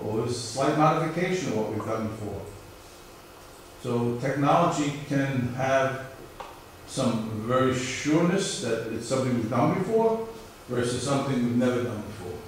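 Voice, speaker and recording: A man's voice: medium pitch, a little hiss or hum. Male professor, lecture delivery, rhetorical questions, heavy room echo, distant mic. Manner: repeats himself, asks rhetorical questions. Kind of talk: classroom lecture. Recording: echoey lecture hall, far from the mic.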